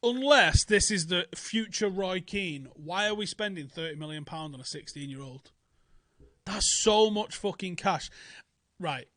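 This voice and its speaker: A man's voice: high voice, a bit bright, no echo. A young man, hosting casual football transfer talk, blunt, sweary and often incredulous. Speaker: football channel host.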